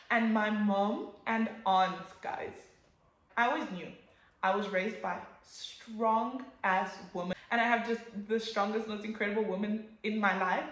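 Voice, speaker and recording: A young woman telling a casual storytime, animated and swearing, acting out what people said. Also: mid-range voice, echoey room. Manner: animated, swears, acts out quotes with sudden loud jumps. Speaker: vlogger.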